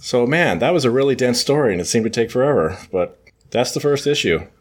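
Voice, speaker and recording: A man's voice: mid-range voice, animated, fairly quick. A man hosting a podcast, casually recapping a comic book story in a rambling way, full of fillers and self-corrections. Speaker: podcast host.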